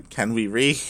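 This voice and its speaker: A man casting a live strategy game tournament, moving from calm play-by-play to loud shouting, laughing often and talking in casual slang. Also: on the high side. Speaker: esports caster.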